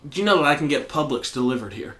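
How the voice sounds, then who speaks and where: Profane Southern storyteller, echoey room. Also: male voice, fairly high pitch, quick pace. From American South. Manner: profane, animated storyteller acting out quotes. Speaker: podcast co-host. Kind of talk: casual storytelling chat.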